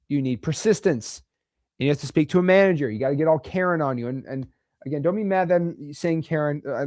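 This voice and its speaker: Coaching real estate wholesaling straight to camera, this American man is blunt, emphatic and chatty, full of slangy asides. His fairly high-pitched voice is captured in studio quality with no echo.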